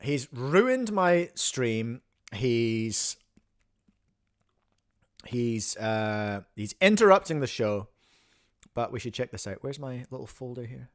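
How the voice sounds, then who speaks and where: This livestream host from New Zealand has a medium-pitched voice with big pitch swings, and he speaks slowly with long pauses. He rambles, jokes, cuts himself off and chews a snack throughout.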